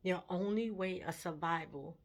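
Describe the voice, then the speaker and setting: A woman voicing her elderly grandmother, speaking softly and reassuringly, sometimes almost in a whisper. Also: fairly low pitch, moderate pace. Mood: tender. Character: elderly grandmother, tender and steadying.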